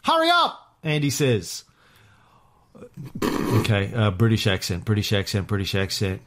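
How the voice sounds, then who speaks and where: A man's voice: on the low side, measured pace. A man co-hosting a podcast in casual banter, cheeky, teasing and profane. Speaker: podcast co-host.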